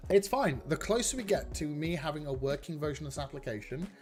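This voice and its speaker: A man's voice: a little high, expressive, quick pace, darkish tone, soft background music. A man hosting a casual live coding stream, rambling, chatting with viewers and poking fun at himself. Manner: rambling, self-mocking, talks to chat.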